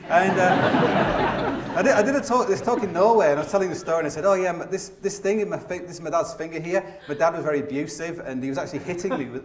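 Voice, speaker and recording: A man's voice: on the high side, very noisy. A middle-aged man giving a comic live stage talk, rambling and self-mocking, full of fillers and restarts. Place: large theatre stage before a laughing audience. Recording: echoey live theatre sound from a distance.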